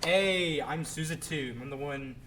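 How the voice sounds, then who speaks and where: A young college esports player in a casual interview, giving relaxed, brief answers. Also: male voice, on the high side, unhurried. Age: young adult. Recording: loud crowd behind. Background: loud crowd.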